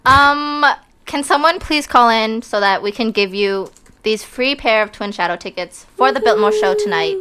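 A woman's voice: fairly high pitch, big pitch swings, moderate pace, bright, forceful tone, clear, resonant tone. A young woman hosting a campus radio show in the studio, chatty and enthusiastic, casually urging listeners to call in.

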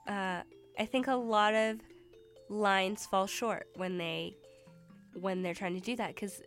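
Young woman, radio co-host, casual studio chat, mid-pitched voice, restarts as she thinks. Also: fairly even intonation, takes it slowly, a bit bright, faint music behind. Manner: chatty, thinks aloud with restarts.

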